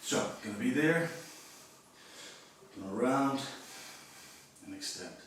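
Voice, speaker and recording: A man leading a physiotherapy workout, explaining each movement and counting reps in a calm, encouraging way. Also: medium pitch, takes it slowly, slight background noise. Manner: calm, encouraging, demonstrates while talking. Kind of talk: exercise instruction, counting reps. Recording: echoey room, voice from a distance.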